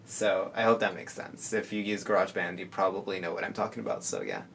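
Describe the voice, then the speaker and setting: A soft-spoken man in casual reaction commentary, rambling with many fillers and sounding tired. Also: deep voice, quick pace, gravelly, background noise. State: tired from lack of sleep. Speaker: musician reacting to music. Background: faint music playing.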